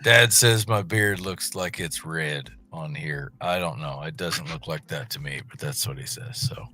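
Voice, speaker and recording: A man's voice: a bass voice, unhurried, sharp tone, faint music behind. A young man, co-hosting a casual chat show and telling a story with lots of restarts. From West Texas. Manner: rambling storyteller, many restarts. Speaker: podcast co-host.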